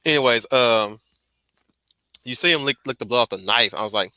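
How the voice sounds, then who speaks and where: A man's voice: medium pitch, a little fast, bright, forceful tone, dry recording. A man hosting a casual chat, laid-back and swearing freely. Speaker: host.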